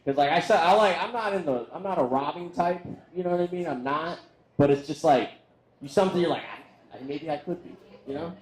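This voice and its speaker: This roast comic talks fast in a voice on the high side, delivering a crude, meandering set full of self-mockery at a comedy venue packed with people. The recording is rough and echoes noticeably.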